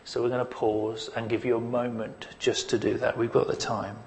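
A man preaching a sermon as pastor, earnest and questioning, leading the listeners into a quiet reflection. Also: mid-range voice, level tone, moderate pace, vocal fry, a little hiss or hum, poor audio.

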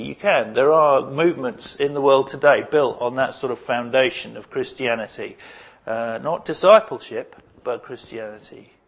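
A man preaching a sermon, putting emphatic rhetorical questions to his congregation. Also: medium pitch. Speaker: pastor.

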